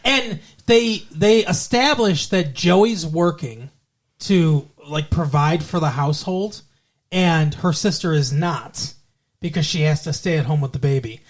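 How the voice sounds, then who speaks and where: A podcast co-host with a mid-pitched voice, talking casually through a TV episode recap. The talk rambles with restarts and dry asides. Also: measured pace.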